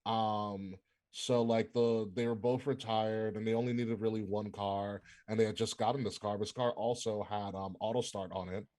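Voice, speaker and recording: Low-voiced man telling a story. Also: steady tone, moderate pace, a little mellow. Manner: storytelling with many fillers. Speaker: podcast co-host. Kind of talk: casual chat.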